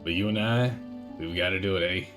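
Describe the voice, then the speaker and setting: A man voicing a weary fisherman and attempting a northeastern US accent, talking in a low grumble. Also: brisk, music in the background, lightly acted. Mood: grumbling.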